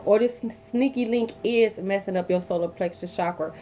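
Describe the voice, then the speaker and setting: A woman's voice: a little fast, mellow, faint music behind. A woman doing a casual tarot reading, telling a story in a blunt, emphatic, profane way. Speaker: tarot reader. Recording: dull lo-fi with faint rumble.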